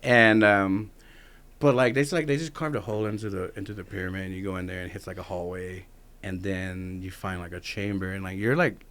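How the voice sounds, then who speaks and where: A man's voice: low-pitched, fairly even intonation, brisk, fairly bright tone. A young adult man, a military veteran guest on a podcast, telling a loose, profane story in casual chat and acting out what other people said. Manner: loose, profane anecdotes with lots of "like" and acted-out quotes.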